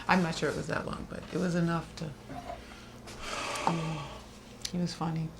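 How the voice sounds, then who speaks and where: Woman with a fry-heavy voice telling stories on a cooking show, noisy audio. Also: low voice, little pitch movement, unhurried. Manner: chatty storyteller, laughs often. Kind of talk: casual chat. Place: community access TV studio. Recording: noisy community TV studio audio.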